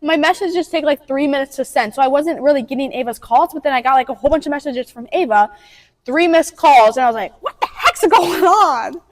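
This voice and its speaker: Teen girl, high bright voice, chatty storyteller with lots of "like" fillers. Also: fast. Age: teens. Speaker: co-host telling a story. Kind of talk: casual storytelling chat.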